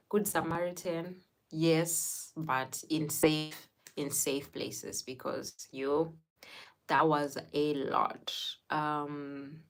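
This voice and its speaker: Woman, low unhurried voice, chatty streamer who laughs a lot and reads out viewer names. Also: fairly bright tone, poor audio. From Zimbabwe. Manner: laughs often, answers viewers by name. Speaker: live streamer reading chat. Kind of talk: casual storytelling to a live chat.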